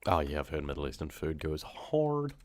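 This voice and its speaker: Deep-voiced New Zealand man chatting live. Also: very animated, moderate pace. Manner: chatty, laughing, slangy, talks to the chat. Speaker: horror story narrator live-streaming. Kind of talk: casual live-stream chat with viewers.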